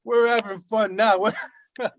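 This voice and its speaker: A man's voice: high voice, fairly even intonation, slow pace, no room sound, highs cut off. A man roasting in a crude, brash, profane stand-up style, breaking into mock carol snippets. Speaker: roast comedian. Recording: noisy podcast recording.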